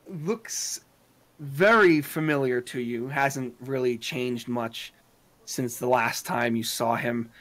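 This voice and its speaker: A man runs a tabletop game at an unhurried pace, narrating scenes and calling for checks. He often stops mid-phrase with fillers and restarts. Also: medium pitch, a bit bright. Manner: halting, with many fillers and restarts. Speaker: game master.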